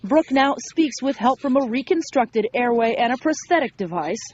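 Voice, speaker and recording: A woman news reporter narrating a story in a steady, clear delivery. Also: on the high side, normal speed, highs cut off, noisy background.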